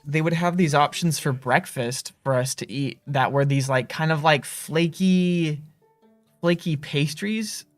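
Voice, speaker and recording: This American co-host of a game livestream has a slightly high voice and an unhurried delivery, chatting loosely, rambling off topic and laughing a lot. There's no room sound, just soft background music.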